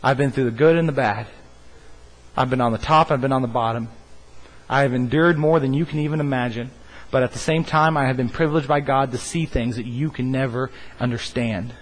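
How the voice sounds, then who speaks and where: Man preaching in an echoing church. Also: mid-range voice. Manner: emphatic, drawn-out recitation of scripture with frequent restarts. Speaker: pastor. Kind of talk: sermon. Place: church stage.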